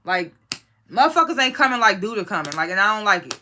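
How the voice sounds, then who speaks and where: A blunt, foul-mouthed reviewer recaps a TV episode in casual chat, dropping loosely acted quotes from the characters. The voice is bright and forceful, and its pitch sits in a middling range. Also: sing-song, fast, a little hiss or hum. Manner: blunt, profane and opinionated; retells scenes, quoting characters in a loose conversational voice.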